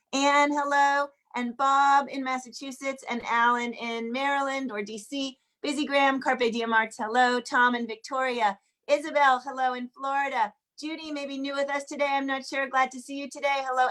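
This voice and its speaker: A woman's voice: high voice, fairly bright tone. A woman hosting an online community sing on a video call, chatty and upbeat, greeting people by name. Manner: upbeat, chatty, lists names quickly. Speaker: host of an online group sing. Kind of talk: warm welcome, greeting attendees by name.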